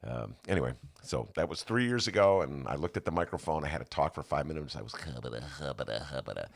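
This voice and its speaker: A very deep-voiced man, his voice gravelly. He talks in a rambling, self-deprecating way, full of restarts, and his pitch swings widely as he hosts a casual podcast chat. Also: expressive, fast talker. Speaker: podcast host.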